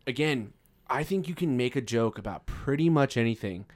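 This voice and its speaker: A man's voice: mid-range voice, animated, normal speed. A man, a comedian, in a casual podcast chat, reasoning aloud in rambling sentences that keep restarting. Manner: thoughtful, rambling with restarts, "I was about to say".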